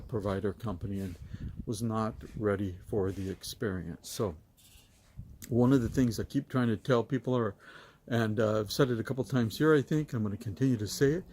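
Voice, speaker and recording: A man's voice: medium pitch, a little mellow, slight background noise. A middle-aged man telling his own story in a casual, rambling way with many fillers and restarts.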